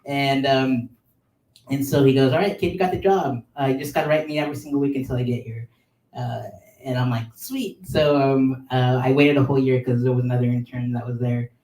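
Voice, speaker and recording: Podcast man, thirties, rambling storyteller with a mellow tone, mic a bit far off in an echoey room. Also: medium pitch, brisk. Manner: animated, filler-heavy with many likes and ums. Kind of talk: casual storytelling. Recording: roomy sound, mic at a distance.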